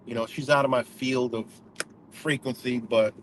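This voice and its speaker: A man's voice: medium pitch, fairly even intonation, normal speed, noisy background. A man talking casually in a rambling way, full of fillers, restarts and swearing. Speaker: vlogger. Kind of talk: casual spoken reflection.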